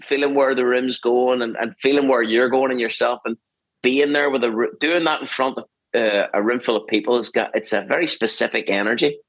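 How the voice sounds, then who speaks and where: A man's voice: mid-range voice, fairly even intonation, brisk, a bit bright, no room sound, rough recording. A middle-aged man with a Northern Irish accent, a singer-songwriter guest talking in a rambling, self-interrupting way and laughing easily, over a video call. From Northern Ireland. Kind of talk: casual interview chat.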